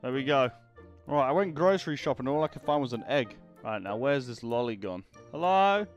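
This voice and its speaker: A young man doing comic gameplay commentary, loudly making jokey mock threats at game characters. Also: mid-range voice, lively intonation, brisk, muffled recording, soft background music. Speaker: gaming YouTuber.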